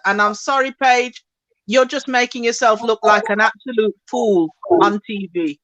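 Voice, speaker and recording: A woman talking bluntly and emphatically in a casual recap chat. Her voice sits somewhat high. The sound is dry and close. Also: animated, normal speed, a bit bright, no room sound, poor audio. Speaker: co-host.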